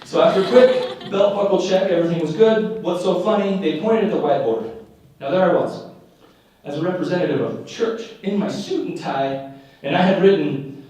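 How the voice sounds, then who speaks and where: A man's voice: high voice, normal speed, mellow, distant mic. A man performing live stand-up, telling wry, self-deprecating stories before an audience. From Utah. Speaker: stand-up comedian. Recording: echoey live room, mic picks up from afar.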